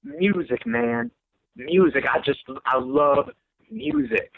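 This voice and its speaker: A man voicing a rambling, eccentric male subway stranger who talks in an earnest, drawn-out, repetitive way, heard over a phone line. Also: high-pitched, big pitch swings, creaky, voice pushed up, full character voice.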